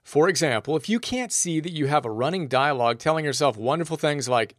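Guy reading a self-help lesson, playful and upbeat, kinda high-pitched, dry mic. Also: lively intonation, normal speed, no room sound. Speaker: book summary narrator. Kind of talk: scripted self-help narration.

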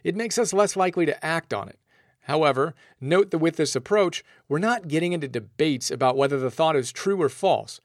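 A man's voice: a little high, expressive, a little fast, no room sound, clean studio sound. A man narrating a self-help book summary in an upbeat, playful way.

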